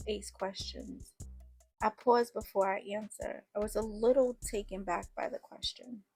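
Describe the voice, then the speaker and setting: Husky woman telling a story. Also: medium pitch, fairly even intonation, a little slow, dark tone, faint music behind. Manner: casual, slangy storytelling. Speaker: narrator. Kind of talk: first-person story narration.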